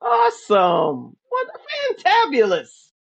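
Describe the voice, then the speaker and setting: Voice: medium pitch, wildly swooping pitch, takes it slowly, vocal fry, no echo. An interview host with an enthusiastic, playful way of talking who asks questions conversationally. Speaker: podcast host. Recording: dull, dry lo-fi sound.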